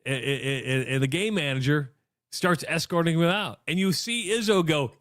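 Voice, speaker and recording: In a radio studio, a sports-show co-host speaks at a moderate pace, recounting stories with energy and voicing other people's lines through sharp pitch jumps. The recording is dry and clean, studio quality.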